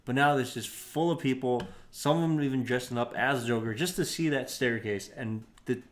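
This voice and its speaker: A man's voice: mid-range voice, normal speed. A man co-hosting a casual podcast, bantering and teasing his partner. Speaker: podcast co-host. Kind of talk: casual chat.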